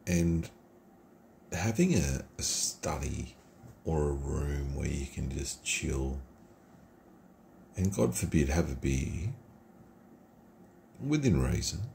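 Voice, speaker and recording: A middle-aged Australian man rambles through a casual beer review from his home computer room, chatty and informal. His voice is very low, gravelly, expressive and a little mellow, and he speaks slowly over a faint hiss in the recording.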